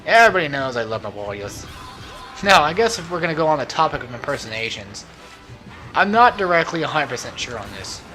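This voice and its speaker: A man's voice: fairly high pitch, sing-song, brisk, bright, forceful tone. A young man rambling through casual gameplay commentary as a let's play host, talkative and self-mocking. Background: faint game music.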